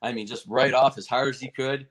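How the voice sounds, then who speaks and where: A man's voice: medium pitch, a little fast. A man being interviewed, telling a fight story in casual talk and acting out the quotes in a raised voice. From United States. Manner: animated, acts out quotes in a raised voice. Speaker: martial arts federation president, guest.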